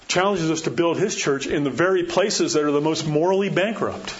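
A man's voice: a little high, fairly quick. A man preaching a sermon in a conversational way, often checking in with his listeners through rhetorical questions. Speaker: pastor. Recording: dull lo-fi sound with faint noise.

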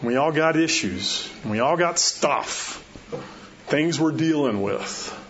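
A man's voice: on the high side, lively intonation, slow pace, fairly bright tone. A man preaching a sermon in a conversational way, often checking in with his listeners through rhetorical questions. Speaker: pastor. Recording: dull lo-fi sound with faint noise.

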